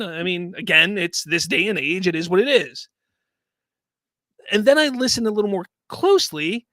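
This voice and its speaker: A man with a fairly high voice holds forth as host of his own casual commentary show. He rambles and circles back over the same points in an animated way, close on the mic. The sound is dry, with no room around him. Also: normal speed, no room sound. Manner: animated, rambling, repeats himself.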